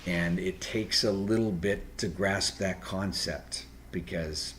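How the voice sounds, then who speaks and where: Low-voiced male host, unscripted and direct, earnest advice with halting restarts; slight background noise. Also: steady tone, fairly bright tone. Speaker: video host giving personality-type advice.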